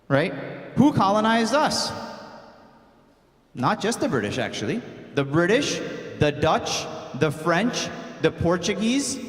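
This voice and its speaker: A male imam lecturing a live audience, firing quick questions at the crowd with casual, slangy asides. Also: high-pitched, fairly bright tone. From United States. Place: large hall at an Islamic center. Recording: echoey hall, long reverb.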